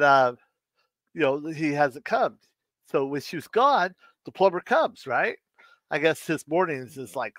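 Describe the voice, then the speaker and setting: A man's voice: on the high side, a bit bright, no echo. Chuckling man reading dad jokes. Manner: reads jokes aloud, chuckles at his own punchlines, rambling. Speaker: live stream host telling jokes. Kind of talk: casual live-stream joke telling.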